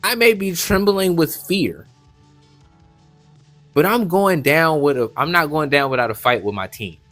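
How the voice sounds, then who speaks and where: A man's voice: on the high side, animated, a little slow, fairly bright tone, soft background music, voice pushed up. A man doing a frightened, pleading captain. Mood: fearful. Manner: pleading, shaky. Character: frightened male guild captain, desperate.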